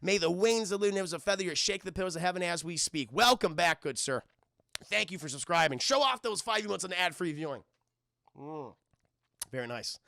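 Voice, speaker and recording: A male streamer reviewing a film, swearing freely and tossing asides to his chat. His voice sits high with a gravelly, bright edge. The close mic sounds dry. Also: dry recording. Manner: profane, animated, keeps addressing chat.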